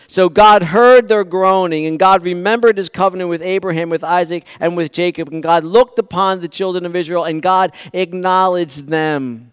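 A pastor preaching a conversational sermon, swinging from loud bursts to near-whispers. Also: male voice, sits high, moderate pace, hardly any pauses, clean tone, no room sound, clean studio sound. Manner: animated, conversational preaching with dramatic swings in volume.

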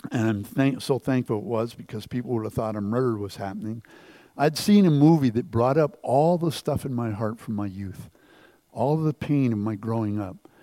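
A middle-aged man preaching a sermon from the pulpit, impassioned, dropping to near whispers and then rising to loud exclamations. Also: medium pitch, no room sound. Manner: impassioned, swings from hushed to loud. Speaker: pastor. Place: church.

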